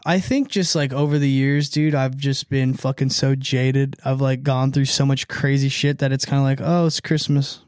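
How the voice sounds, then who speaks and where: A man's voice: mid-range voice, little pitch movement, moderate pace, hardly any pauses, darkish tone, smooth, no echo, clean studio sound. A man in his late twenties hosting a casual podcast chat, rambling and swearing while joking around. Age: 20s. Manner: rambling, profane, jokey. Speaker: podcast host.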